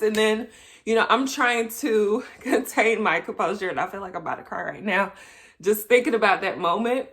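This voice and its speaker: A young adult woman vlogger telling a personal story in a chatty way, laughing often and getting animated when she quotes people. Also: medium pitch, normal speed. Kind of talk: casual storytelling to camera.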